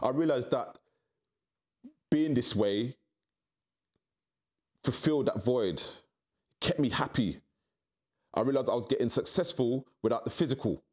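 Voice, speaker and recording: A middle-aged man from tells his story in an interview, and his voice keeps leaping up high as he acts out other people's words. He sits at a middling pitch and talks in candid, storytelling turns. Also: unhurried, long pauses. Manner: animated, acts out quoted voices with big pitch jumps. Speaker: interview guest.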